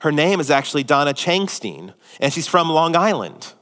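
A man preaching a sermon as pastor, animated and acting out the voices of the people he quotes. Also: fairly high pitch, moderate pace, big-room sound.

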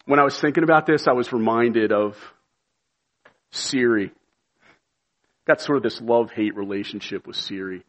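A pastor preaching a sermon with earnest conviction, building to emphatic, shouted appeals. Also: male voice, medium pitch, normal speed, long pauses.

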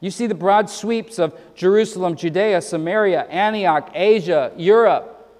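Male pastor, high voice, earnest and emphatic sermon delivery, stumbling restarts, heard with a lingering hall echo. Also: a little mellow. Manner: earnest, emphatic preaching with quick verse citations; repeats words when starting sentences.

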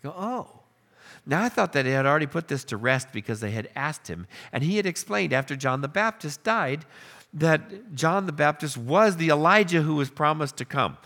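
A man preaching a sermon, telling the story with animated questions and acted-out lines. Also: fairly high pitch, fairly quick. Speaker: pastor.

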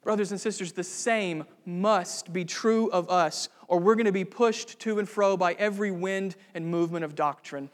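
A man's voice: sits high, moderate pace, hardly any pauses, big-room sound. A male pastor preaching a sermon, earnest and building to fervent emphasis.

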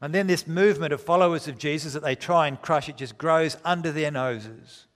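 A man delivering a dramatic sermon, his voice a little higher than most men's. He slows down to press his points and reads scripture aloud. His words ring out with a long reverb, as if from a large hall. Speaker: preacher.

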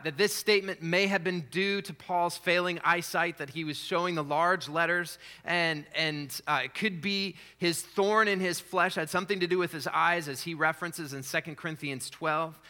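A man's voice: fairly high pitch, pushed and bright. A middle-aged man, a pastor, preaching a sermon in a conversational way with fillers and restarts.

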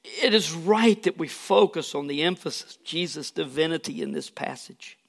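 A man preaching a sermon, his voice a little higher than most and edged with gravel. He is earnest and emphatic, leaning into key lines and breaking off for casual asides. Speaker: pastor.

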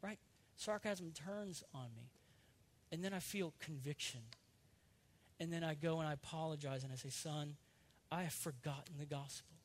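High-voiced man preaching earnestly. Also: normal speed, long pauses. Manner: earnest, confessional preaching with repeated restarts. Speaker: pastor. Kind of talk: sermon.

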